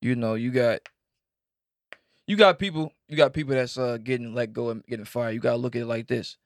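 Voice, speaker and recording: A man co-hosting a sports podcast, teasing and animated in casual chat. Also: mid-range voice, fairly quick, no echo, studio quality. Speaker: podcast co-host.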